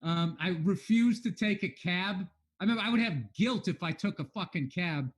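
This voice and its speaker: A man in his thirties, a guest comedian in a casual chat, candid and animated, swearing a lot. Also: high-pitched, normal speed.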